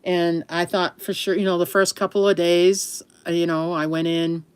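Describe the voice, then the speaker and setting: Middle-aged woman, casual livestream host, giggly and rambling, slightly low pitch, dry recording. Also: level tone, normal speed, clear, resonant tone, dry recording. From US East Coast. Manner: chatty, laughs often, rambling with self-corrections.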